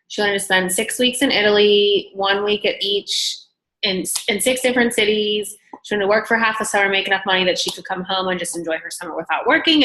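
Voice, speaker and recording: A woman's voice: mid-range voice, bright, forceful tone. A woman guest telling a story casually and chattily, full of fillers. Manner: chatty, many fillers like "like" and "whatever". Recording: echoey room.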